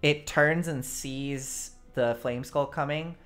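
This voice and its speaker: A woman's voice: extremely low pitch, steady tone, slow, soft background music. A woman narrating as the game master of a tabletop role-play stream, giggly and rambling with fillers, on a desk mic.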